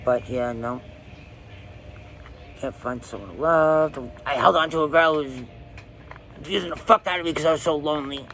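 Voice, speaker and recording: A man's voice: fairly high pitch, moderate pace, pauses often, a bit bright, slight background noise. A man in a raw personal monologue, rambling, emotionally distressed and swearing often. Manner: profane.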